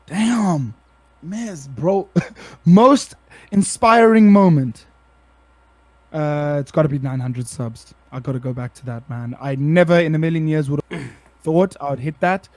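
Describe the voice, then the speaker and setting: A man's voice: a little high, expressive, moderate pace, warm tone, dry recording. A young South African man with a South African accent, a streamer chatting casually as a podcast guest, laid-back and slangy, calling people bro.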